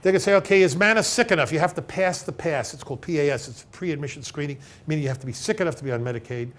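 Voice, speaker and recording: Chatty, somewhat high-voiced man giving a seminar. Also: very fast. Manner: animated storyteller who acts out both sides of conversations; checks in with the audience with frequent "okay?". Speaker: elder law attorney giving a seminar. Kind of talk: conversational seminar talk with retold client dialogues. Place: seminar room before a live audience.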